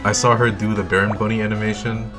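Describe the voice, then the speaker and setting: Speaking quickly in a lowish, level voice, this young video host keeps up excited, casual commentary full of swearing and repetition. Faint game music can be heard behind him.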